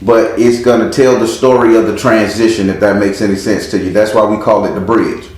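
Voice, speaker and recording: A man giving a casual spiritual tarot reading in a relaxed way, chanting words over and over as he reads the cards. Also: lowish voice, fairly quick. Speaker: tarot card reader. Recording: very echoey room.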